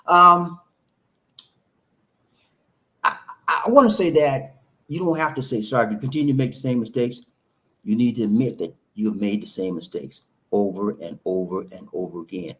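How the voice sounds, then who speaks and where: A man hosting a live stream, giving casual relationship advice and reading viewer comments. He talks in an animated, preachy way, repeats himself for emphasis and speaks straight to his viewers. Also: medium pitch, moderate pace, pauses often. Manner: animated and repetitive, preachy, addresses viewers directly. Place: living in the Philippines.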